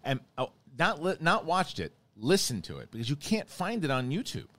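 A man's voice: on the high side, moderate pace. A man hosting a podcast, chatting casually and enthusiastically, often restarting his sentences. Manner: animated, enthusiastic, self-interrupting. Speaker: podcast host. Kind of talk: casual chat.

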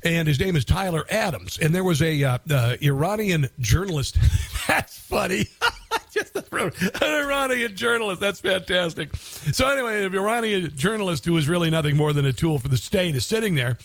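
A middle-aged man hosting talk radio, voice pitched a bit high for a man. He rambles with fillers and sarcasm, recorded dry and close in a studio booth. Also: expressive, normal speed, gravelly, fairly bright tone, dry recording. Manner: rambling, sarcastic, talks over the clip. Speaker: radio talk show host. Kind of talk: political talk radio commentary.

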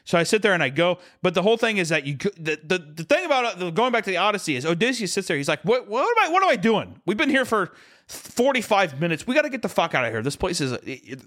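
A man's voice: high voice, very animated, fast talker, fairly bright tone, no room sound, studio quality. A man co-hosting a casual podcast who is drunk, telling crude stories in a rambling way. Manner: crude, rambling storyteller who acts out characters. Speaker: podcast co-host. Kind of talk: casual chat.

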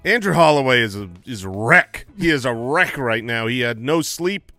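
A man's voice: medium pitch, normal speed, no room sound, faint music behind. A man co-hosting a comedy podcast, telling an anecdote animatedly and laughing as he goes. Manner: animated storyteller, laughs mid-sentence. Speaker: podcast co-host. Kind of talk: casual comedic storytelling.

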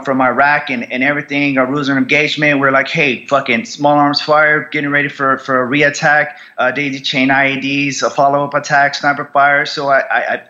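A young man, a Marine veteran, telling his story bluntly in an interview, with heavy swearing and halting restarts. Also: medium pitch, sharp tone, muffled recording.

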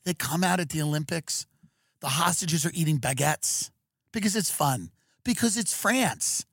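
A man hosting a podcast, animated and excitable, riffing through a comic rant with many restarts. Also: on the high side, moderate pace, gravelly, slightly rough, no echo, clean studio sound. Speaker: comedian podcast host.

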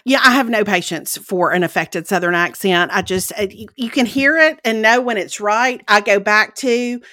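A woman's voice: mid-range voice, normal speed, bright, forceful tone, no echo, studio quality. A woman co-hosting a podcast, talking in a rambling, chatty way. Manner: rambling, chatty, self-correcting. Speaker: podcast co-host. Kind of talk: casual chat.

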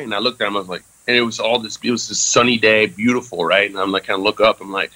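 A man in his thirties, from France, with a low voice and a bright, forceful tone. He tells a story as a guest in a casual interview, candid and loose, full of fillers and casual swearing. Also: fast, poor audio.

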